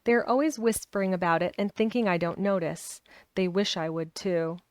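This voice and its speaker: Woman voicing a petulant invalid boy, storybook reading; cross, high, dry sound. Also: moderate pace, darkish tone, dry recording, lightly acted. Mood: resentful. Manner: cross, resentful, rising to high outbursts. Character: sickly, petulant young boy, bedridden and gloomy.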